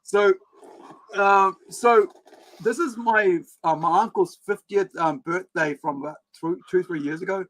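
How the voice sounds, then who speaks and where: A man's voice: high-pitched, measured pace, a bit bright. A man with a New Zealand accent hosting a livestream, rambling and slangy in casual chat. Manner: rambling, slangy, laid-back. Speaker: livestream host.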